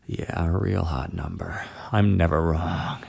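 A man voicing a gruff, commanding adult man in a low, husky whisper. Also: fairly even intonation, a little slow, darkish tone, exaggerated voice. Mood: hushed commanding.

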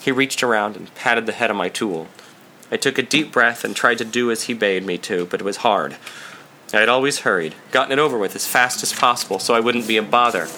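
Male audiobook narrator, steady and measured, clear bright voice with faint background noise. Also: lowish voice. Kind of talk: first-person fiction reading.

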